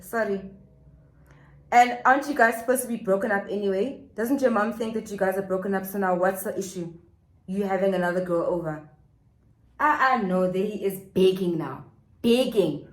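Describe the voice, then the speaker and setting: A young woman telling a scandalous story in a vlog, sassy and animated, acting out the quotes. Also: medium pitch, normal speed. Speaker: vlogger. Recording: roomy echo.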